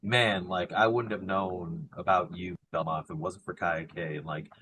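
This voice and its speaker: A very deep-voiced man co-hosts a casual live chat and swings between loud, joking outbursts and quiet sincerity. A faint hiss of noise sits under his voice. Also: steady tone, normal speed. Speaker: podcast co-host.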